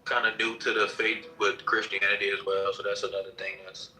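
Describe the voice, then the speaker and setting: A man from New Orleans talking in a laid-back, unhurried way as a guest on a live online chat. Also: on the low side, little pitch movement, bright, forceful tone, rough recording. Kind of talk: casual chat.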